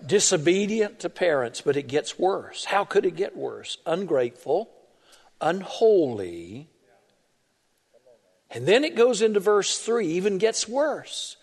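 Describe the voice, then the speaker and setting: A man's voice: high voice, big pitch swings. A male pastor delivering a sermon, stretching key words for emphasis. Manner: emphatic preaching, drawn-out stressed words. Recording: long reverb of a large hall.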